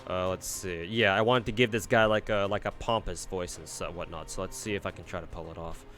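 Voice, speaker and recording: A man's voice: sits low, fairly even intonation, fairly quick, a bit bright, soft background music. A man streaming as he reads a game aloud, chatting casually with his viewers and rambling with many restarts. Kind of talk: casual live-stream chat.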